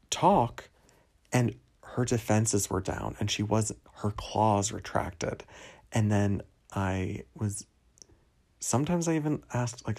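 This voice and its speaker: Young man from New Jersey, podcast host; low, gravelly voice; casual, wandering, self-mocking monologue. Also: mellow. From New Jersey, USA. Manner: rambling, digressive, self-deprecating.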